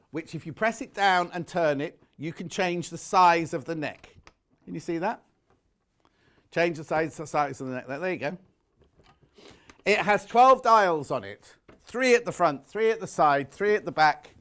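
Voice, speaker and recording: A man presenting on a shopping channel, talking in a rapid, chatty sales patter that often corrects itself, a bit out of breath, recorded on a lapel mic in a TV studio. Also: a little high, a bit bright. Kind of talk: live TV sales pitch.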